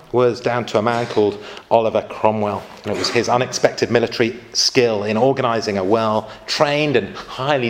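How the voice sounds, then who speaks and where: A man giving an informal church history lecture, adding chatty asides and asking his listeners questions. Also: medium pitch.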